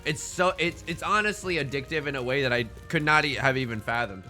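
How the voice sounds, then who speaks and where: A man's voice: mid-range voice, a little fast, pushed and bright, soft background music. A man chatting casually on a live stream, greeting viewers and talking while he eats. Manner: upbeat, greets chatters, talks while eating.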